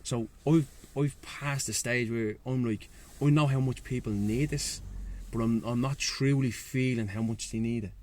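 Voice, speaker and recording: A man's voice: mid-range voice, fairly even intonation, normal speed, darkish tone. A man with a Dublin Irish accent talks as a guest in a casual chat, frank, slangy and swearing freely, outdoors by the sea. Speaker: guest, breathwork and sea-swim facilitator.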